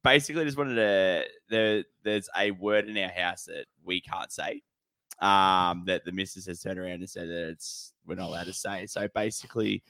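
A man's voice: low voice, steady tone, moderate pace, pushed and bright, no echo. A man, co-hosting a podcast in casual banter. He talks hesitantly, with lots of "um" and restarts. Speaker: podcast co-host.

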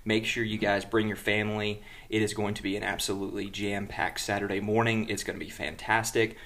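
A man's voice: lowish voice, flat delivery, brisk, a bit bright. A man hosting a health podcast who teases his guest and delivers upbeat announcements. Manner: teasing reactions, upbeat promotional plugs. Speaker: podcast host. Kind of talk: casual podcast chat and show announcements.

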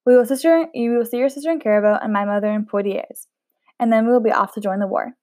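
A woman's voice: a little high, fast, darkish tone, no echo, clean studio sound, lightly acted. A woman reading aloud, voicing a scruffy, wiry young man who is a blunt, teasing ex-prisoner in a storybook.

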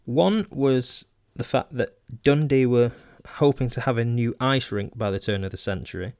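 A man's voice: mid-range voice, moderate pace, darkish tone, clean tone, dry recording. Dry-voiced Mancunian man musing aloud. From Manchester, England. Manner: hesitant, many ums and restarts, wry asides. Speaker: podcast host. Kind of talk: casual solo podcast reading old magazine articles aloud.

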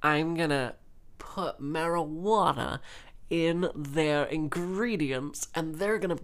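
A woman's voice: low voice, takes it slowly. A woman mimicking a scheming pizza-shop dad. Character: scheming middle-aged father running a pizza shop.

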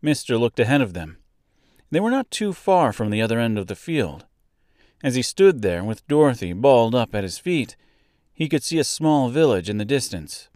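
A man reading a storybook aloud as narrator, in a slow, measured, even way. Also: mid-range voice, no echo, clean studio sound.

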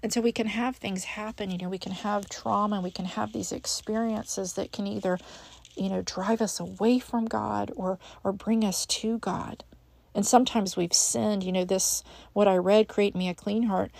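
A woman's voice: medium pitch, gravelly, a little mellow, no echo. A woman hosting a devotional podcast, speaking earnestly and encouragingly to the listener as a friend. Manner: frequent restarts and fillers. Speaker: podcast host.

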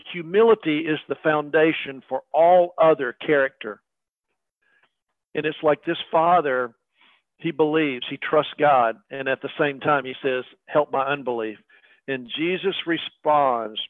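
Middle-aged guy preaching slow and chatty, sounds like an old radio broadcast, thin and dry. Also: a little high, dry recording. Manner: conversational preaching with fillers and asides to the congregation. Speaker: pastor. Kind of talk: sermon. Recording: tinny phone-like radio broadcast.

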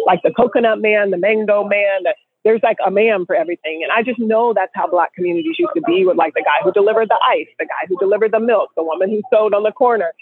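Animated woman storyteller over a phone line. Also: mid-range voice. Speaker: guest co-host. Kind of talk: casual chat on a group call.

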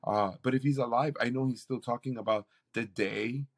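A man's voice: mid-range voice, steady tone, moderate pace. A man, a campus pastor, telling a faith story in an interview with an earnest, preacherly delivery. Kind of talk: interview testimony.

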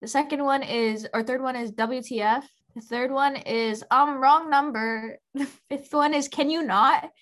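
A woman's voice: high-pitched, measured pace, a bit bright. A young woman reading out quiz options to friends, chatty and a bit flustered. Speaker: quiz player among friends. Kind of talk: casual chat.

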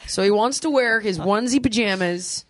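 A woman's voice: mid-range voice, moderate pace, no echo. Woman in her 40s, podcast host, laughy crude storytelling, dry close mic. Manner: animated, laughing, crude humor. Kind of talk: casual storytelling chat.

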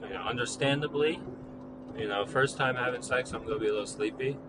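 A man's voice: medium pitch, fairly quick, very noisy. A young man casually retelling a personal story, rambling with lots of fillers and criticizing himself.

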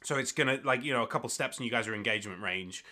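A man's voice: medium pitch, racing, sharp tone. Chatty male game master. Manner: chatty, lots of "like" and "um" fillers. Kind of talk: narrating a tabletop game.

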